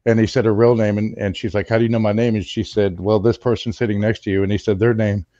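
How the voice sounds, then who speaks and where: A man's voice: on the low side, fairly even intonation, quick pace, mellow, dull audio. A man in a casual group chat, earnestly retelling stories and sharing facts.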